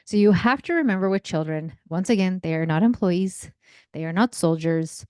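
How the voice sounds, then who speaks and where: A woman in her thirties, a parenting coach hosting a podcast, talking in a chatty, animated way and briefly acting out what kids and parents say. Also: lowish voice, moderate pace, smooth, no echo, studio quality. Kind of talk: casual solo podcast talk. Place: home in a desert region.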